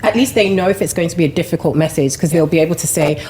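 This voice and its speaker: A woman co-hosting a podcast, backing up the others in an emphatic, affirming way. Her voice is very low and mellow for a woman. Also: very fast. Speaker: podcast co-host. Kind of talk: casual podcast discussion.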